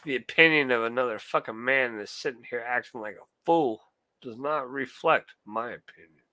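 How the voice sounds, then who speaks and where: Bright-voiced man ranting profanely. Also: mid-range voice, normal speed, no echo. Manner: profane, heated, talks to chat. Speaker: streamer. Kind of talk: casual ranting monologue.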